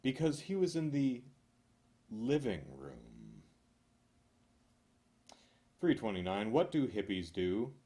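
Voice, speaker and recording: A man reading a list of corny jokes aloud in a deadpan way, chuckling now and then and making dry asides. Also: mid-range voice, moderate pace, few pauses. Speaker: joke reader.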